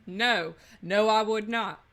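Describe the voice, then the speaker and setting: A woman's voice: mid-range voice, slow, a bit bright. A woman giving joking, playful commentary while playing a video game. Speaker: let's play host. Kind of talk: casual gameplay commentary.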